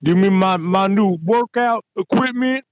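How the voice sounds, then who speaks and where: A man's voice: unhurried, clear, resonant tone. A man voicing a brash, gym-obsessed male caller who uses crude street slang during a prank phone call. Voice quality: high-pitched put-on voice, street slang.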